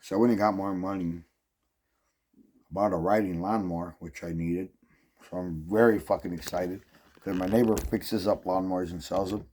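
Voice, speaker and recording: A man's voice: low voice, steady tone, moderate pace, a little mellow. A man talking straight to camera in a casual vlog, telling a rambling story in an agitated way and swearing constantly. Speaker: vlogger.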